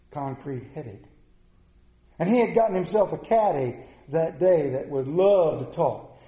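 High-voiced preacher in an echoey hall. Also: male voice. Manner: storytelling, animated, acts out voices in anecdotes. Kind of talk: sermon. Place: large room with audience. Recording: echoey room.

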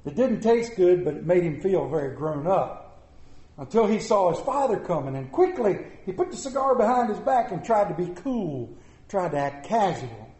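A man preaching a sermon as pastor, folksy and animated, joking with the congregation. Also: high-pitched, normal speed. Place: church sanctuary. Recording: echoey church room.

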